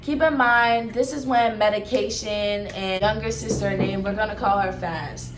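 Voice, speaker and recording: A woman's voice: mid-range voice, normal speed, over music. Chatty young woman in an echoey room. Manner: profane, animated, chatty storytelling. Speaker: vlogger telling a personal story. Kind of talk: casual storytime. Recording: echoey room with faint background noise.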